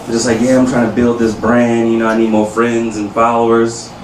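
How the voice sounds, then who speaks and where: A man in his thirties doing a stand-up comedy set on a club stage, with animated, punchy delivery. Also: medium pitch, a little fast, background noise. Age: 30s. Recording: distant mic in a loud echoey room. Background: loud room ambience.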